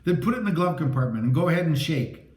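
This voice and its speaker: A man's voice: sits high, expressive, normal speed, echoey room, pitched above the performer's own voice. A man voicing a protective uncle giving urgent, clipped commands in a storybook. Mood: tense.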